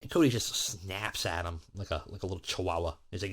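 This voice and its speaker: A man's voice: low voice, a little fast, a bit bright. A man giving casual, rambling commentary on a wrestling management game, with many filler words. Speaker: let's play host.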